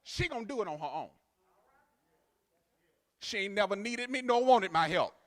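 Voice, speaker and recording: A male pastor a sermon. He swings from loud, sung, rhythmic to quiet, chatty storytelling. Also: high voice, expressive, moderate pace. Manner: builds to loud, sung preaching cadence, then drops to quiet storytelling.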